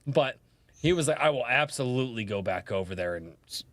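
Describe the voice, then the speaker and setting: Lively, swearing male podcast host. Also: mid-range voice, brisk, dry recording. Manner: animated, profane storytelling with acted-out quotes. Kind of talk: casual podcast chat.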